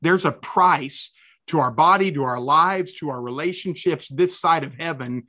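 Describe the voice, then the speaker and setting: A man's voice: on the high side, moderate pace, sharp tone. A man hosting a faith podcast, interjecting with enthusiasm and often repeating words as he talks. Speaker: podcast host.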